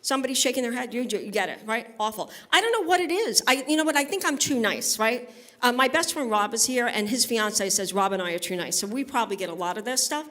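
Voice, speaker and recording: A woman from Brooklyn performs stand-up on a live studio stage. Her voice sits a little on the high side. She is brassy and conversational, and she keeps checking in with the crowd. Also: animated, quick pace, fairly bright tone. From Brooklyn, New York. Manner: brassy, conversational, banters with the audience. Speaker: stand-up comedian. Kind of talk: stand-up comedy set at a benefit concert.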